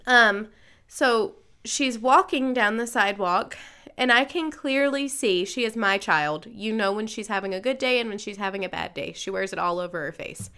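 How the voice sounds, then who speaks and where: A woman's voice: medium pitch, moderate pace, bright, forceful tone, clear, resonant tone. A woman in her thirties co-hosting a podcast, telling a personal story in casual chat and acting out the voices she quotes. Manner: conversational, acts out quoted voices. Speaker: podcast co-host.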